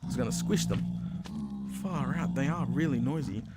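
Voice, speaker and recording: A man with an Australian accent giving casual, chatty commentary over his own gameplay as a video host, excitable and self-deprecating. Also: mid-range voice, moderate pace, loud music behind the voice.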